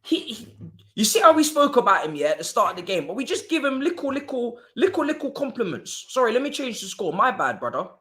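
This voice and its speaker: A man's voice: very high-pitched, sing-song, brisk, sharp tone. A young man streaming a live football watchalong, talking in slangy, exclamatory bursts and muttering asides to himself.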